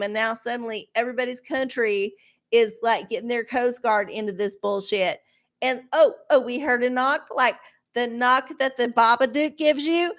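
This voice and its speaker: A woman's voice: on the high side, steady tone, normal speed. A middle-aged woman hosting a livestream, ranting bluntly and sarcastically with a lot of swearing. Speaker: livestream host. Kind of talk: profane ranting chat.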